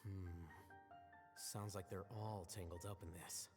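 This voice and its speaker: Low, composed scholar. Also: male voice, fairly even intonation, big-room sound, music in the background. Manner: measured, composed explaining. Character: calm, reserved male scholar, measured and dry.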